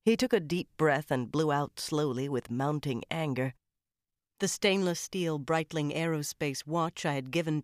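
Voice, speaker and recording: A woman narrating a crime novel audiobook in the first person with a measured, even-paced reading. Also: low voice, no echo, clean studio sound.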